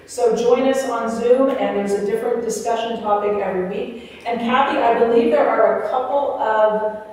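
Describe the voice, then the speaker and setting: A woman's voice: on the high side, normal speed, darkish tone. A woman giving the Sunday announcements at a spiritual center in a chatty, upbeat way, with the odd joke. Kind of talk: casual church announcements. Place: large hall during a Sunday service. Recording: echoey hall, voice from a distance.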